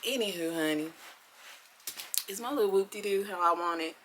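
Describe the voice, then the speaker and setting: A woman vlogging in casual chat, animated and giggly, with chatty asides and a drawn-out delivery. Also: medium pitch, a little hiss or hum.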